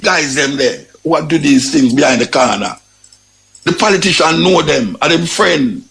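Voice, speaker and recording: Jamaican man, gravelly, fairly high voice; emphatic patois commentary host. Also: normal speed, slight background noise. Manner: animated, emphatic, repeats phrases, Jamaican patois. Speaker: radio talk host. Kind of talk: impassioned commentary monologue.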